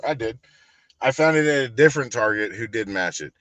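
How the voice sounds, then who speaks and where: A man, high and ranting with heavy profanity in a casual livestream about collectibles and prices. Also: animated, fairly quick, a bit bright, no echo. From Texas. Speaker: collectibles channel host.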